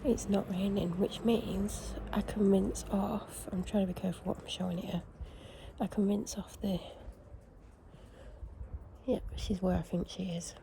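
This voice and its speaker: A woman's voice: mid-range voice, fairly even intonation, unhurried, creaky, mellow, slight background noise, low-quality recording. Tired, chatty woman in a kitchen. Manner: rambling, chatty, self-deprecating. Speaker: vlogger. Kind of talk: casual chat. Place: home kitchen, indoors.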